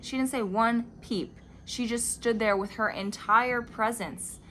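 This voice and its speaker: A woman's voice: fairly high pitch, fairly even intonation, unhurried, a bit bright, a little hiss or hum. A woman vlogger discussing spiritual teachings, telling a personal story in a casual, chatty way, full of "like" fillers. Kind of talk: casual reflective monologue.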